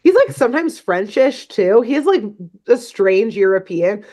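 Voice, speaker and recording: A young woman co-hosting a podcast, walking through a cartoon episode in a relaxed, chatty way. She tells the story with energy and drops into playful quoted voices for the characters. Her voice sits at an ordinary middle pitch. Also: unhurried. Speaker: podcast co-host. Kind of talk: casual chat recapping a cartoon.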